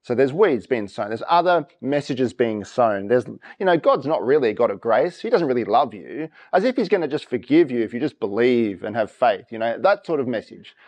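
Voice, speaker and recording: A man's voice: medium pitch, fairly quick, hardly any pauses. A man preaching a sermon, reading verses and quizzing the congregation for reactions. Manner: lively, asks congregation for reactions. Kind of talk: interactive sermon. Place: church.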